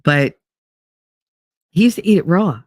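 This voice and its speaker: A woman's voice: on the low side, animated, unhurried, a little mellow, dry recording, studio quality. A woman hosting a podcast, telling a story in casual chat, rambling and full of fillers. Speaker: podcast host.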